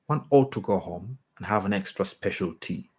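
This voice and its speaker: A man reading a short story aloud in a measured way, sometimes restarting a phrase. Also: sits low, animated, darkish tone, slightly rough. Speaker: reader.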